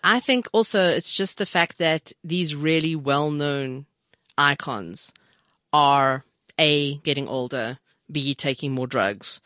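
A woman's voice: deep voice, slow, a bit bright, dry recording. Emphatic female radio co-host, dry sound. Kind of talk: casual radio chat.

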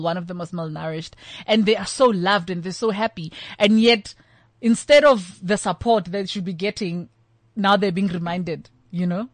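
A middle-aged woman with a South African accent, chatting and telling stories in an animated way, acting out the people she quotes. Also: medium pitch, no room sound. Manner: animated storyteller, acts out quoted voices. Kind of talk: casual chat.

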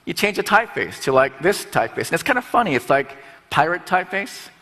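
A man's voice: high voice, sing-song, fast talker, pushed and bright. A middle-aged man giving a humorous stage talk as an art school president, playful and jokey, putting on little voices. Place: large auditorium stage. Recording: long hall reverb.

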